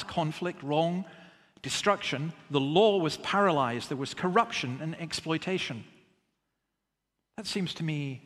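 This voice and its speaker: A man's voice: on the high side, fairly bright tone, in a large hall. A man preaching a sermon in an earnest, emphatic way, often asking rhetorical questions.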